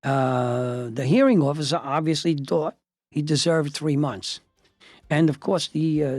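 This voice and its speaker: An older man hosting a podcast as a judge, telling a story emphatically and sometimes halting over repeated words. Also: fairly high pitch, faint music behind. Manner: emphatic, building to forceful outrage.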